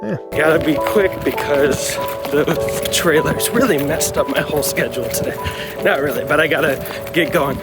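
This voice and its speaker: Excitable swearing man vlogging on the go. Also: fairly high pitch, normal speed, over loud music. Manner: jokey, excitable, swears freely, laughs mid-sentence. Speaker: movie vlogger and podcast host. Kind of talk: casual vlog talk to camera. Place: on the move between home, car and cinema.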